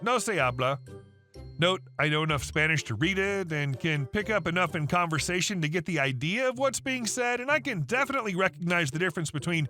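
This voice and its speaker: A man narrating online stories in an even, matter-of-fact way. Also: high voice, fast, few pauses, faint music behind. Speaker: story narrator.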